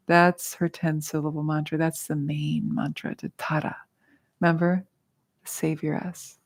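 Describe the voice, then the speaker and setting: Unhurried woman teaching mantras. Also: low-pitched, little pitch movement. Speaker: meditation teacher. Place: studio.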